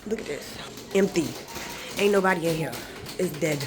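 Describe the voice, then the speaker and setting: A woman's voice: lowish voice, animated, a little fast, background noise. A woman vlogger ranting angrily in a hospital emergency waiting room, cursing and venting, recorded on a phone. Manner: furious, profane, venting. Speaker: travel vlogger. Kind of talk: angry vlog rant.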